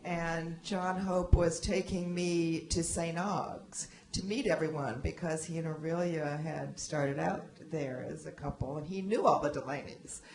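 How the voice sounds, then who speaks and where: A woman on a library panel reminiscing about a friend, talking in a halting way with many restarts. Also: low voice, fairly even intonation, darkish tone. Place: library event room. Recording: echoey hall.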